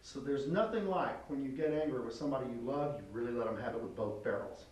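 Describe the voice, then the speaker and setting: Blunt acting coach, echoey and distant. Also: male voice, medium pitch, quick pace, darkish tone. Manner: blunt, directive, acts out lines. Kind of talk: coaching an actor at an audition taping. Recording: echoey room, mic far off, faint hiss.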